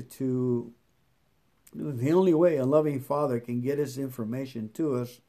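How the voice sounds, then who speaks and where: A man reads devotional passages aloud at an unhurried, deliberate pace in an ordinary mid-range voice. He says each scripture verse twice. When he leaves the text to add his own thoughts, he stammers and restarts. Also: medium pitch, warm tone. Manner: slow, deliberate reading that repeats scripture verses. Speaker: truck driver reading a devotional book aloud. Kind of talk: devotional reading with personal comments.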